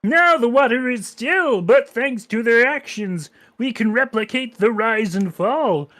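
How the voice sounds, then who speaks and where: A man's voice: very high-pitched, expressive, unhurried, sharp tone, voice pushed up, exaggerated voice. A man voicing a polite, ceremonious masked moth creature from a game, in a raised, lilting delivery. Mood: reverent. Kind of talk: reading game dialogue aloud.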